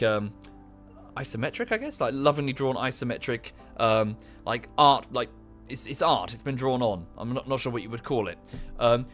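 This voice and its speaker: A man's voice: medium pitch, a bit bright. A man in his thirties streaming a game, talking casually and rambling into a rant, close to the microphone. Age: 30s. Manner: rambling, ranting. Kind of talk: casual live-stream chat.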